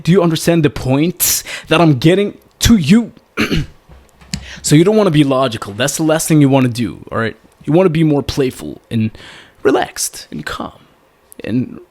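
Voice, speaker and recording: A young man giving dating advice straight to the camera, energetic and casual, calling the viewer "man" again and again and acting out examples of what not to do. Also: on the high side. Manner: animated, says "man" constantly, acts out bad examples.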